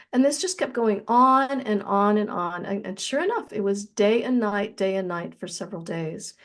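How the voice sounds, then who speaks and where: A woman with a mid-range voice shares a personal spiritual story as an interview guest. Her telling is earnest and reflective. She slows down on the phrases that matter most. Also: medium pitch.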